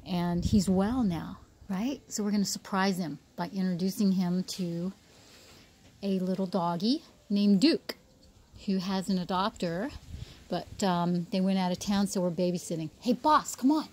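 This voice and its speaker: A woman at an outdoor dog rescue talking in a low, hushed voice to the camera, and switching to high, excited praise when she speaks to the dogs. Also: a little slow. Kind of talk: casual vlog narration.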